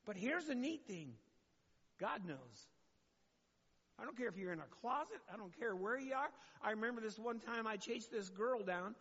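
A man's voice: sits high, lively intonation, fairly quick, hardly any pauses, a bit bright, husky, in a large hall, lo-fi sound. A man preaching a sermon as pastor, talking conversationally and asking the congregation questions.

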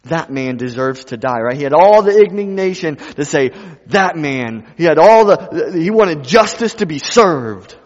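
A male pastor preaching a sermon, moving from quiet passages to loud ones and repeating phrases for emphasis. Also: fairly high pitch, lively intonation, unhurried. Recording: dull sound with long reverb in a hall.

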